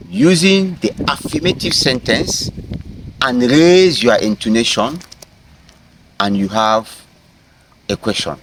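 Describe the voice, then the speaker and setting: Male language teacher outdoors, slow and patient, repeats himself, lots of "uh". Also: mid-range voice, fairly bright tone. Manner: slow, repetitive teaching with frequent fillers. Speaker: French teacher. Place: outdoors in nature.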